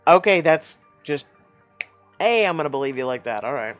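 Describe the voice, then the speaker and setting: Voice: mid-range voice, very animated, moderate pace, dull audio, faint music behind. A streamer reading a story game aloud, breaking in with wry, sarcastic asides.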